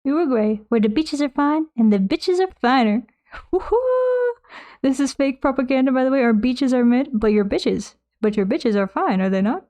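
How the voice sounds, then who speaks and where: A young woman with a fairly high, mellow voice chats into a close desk mic while she paints on stream. She rambles and laughs at her own habits as she answers her viewers, and her tone stays loose and self-mocking. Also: a little fast, few pauses. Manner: rambling, self-mocking, reads chat aloud. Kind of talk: casual chat while painting. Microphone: desk microphone close by.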